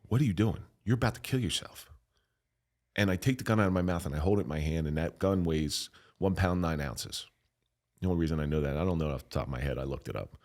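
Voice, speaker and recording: Low-voiced man, raw halting confession. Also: darkish tone. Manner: halting, emotional, frequent restarts; blunt, swears. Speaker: podcast guest. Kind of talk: candid personal storytelling.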